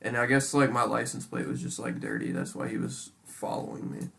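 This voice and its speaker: Casual male co-host, rough fry in the voice, animated and profane. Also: mid-range voice, fairly quick, a little hiss or hum. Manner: animated, heavy swearing, says "dude" a lot. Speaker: podcast co-host. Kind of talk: casual chat.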